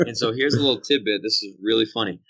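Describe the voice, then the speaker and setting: A man with a Boston accent speaks in a slightly low voice, candid and quick to laugh at himself as an interview guest. The sound is dull and lo-fi, as if coming through a remote call from a hotel room. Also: a bit bright. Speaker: voice actor guest.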